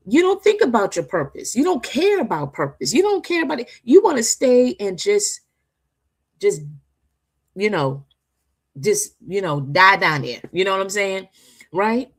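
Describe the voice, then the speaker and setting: A woman's voice: mid-range voice, a little mellow. A woman co-hosting a talk show, giving an inspirational faith talk in a conversational preaching manner, often asking "right?" to draw agreement. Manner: emphatic, repetitive, seeks agreement with "right?"; conversational preaching, addresses listeners as y'all.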